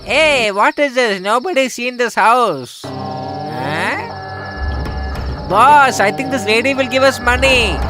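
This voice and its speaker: A man's voice: extremely high pitch, very animated, slow, music in the background, full character voice. An actor dubbing a cocky young male henchman who collects money for his boss, talking bossily and mockingly. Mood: bossy. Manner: bossy, mocking. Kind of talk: English film dub.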